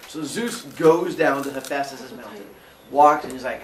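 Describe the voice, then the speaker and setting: A man's voice: medium pitch, moderate pace, distant mic. A man casually and playfully retelling a myth, joking as he goes. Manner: playful, jokey, animated. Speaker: host and storyteller, father. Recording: roomy, off-mic.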